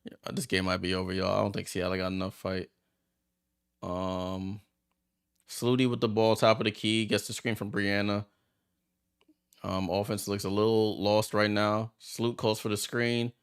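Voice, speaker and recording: A man hosting a watchalong, giving chatty, excitable play-by-play as he reacts aloud to the game. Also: lowish voice, normal speed, pauses often, smooth. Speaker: watchalong host. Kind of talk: casual live play-by-play commentary.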